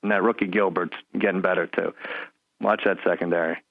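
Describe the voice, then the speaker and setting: A man's voice: sits low, steady tone, brisk, no echo. Laid-back man on a dull dry mic. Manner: chatty, laughs easily, stammering restarts. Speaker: podcast co-host. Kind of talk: casual sports-betting chat.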